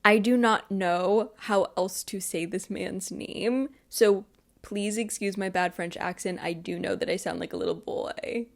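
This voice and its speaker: A woman's voice: mid-range voice, steady tone, unhurried, creaky. A young woman hosting a book channel, recapping a novel in a casual, playful way with sarcastic asides.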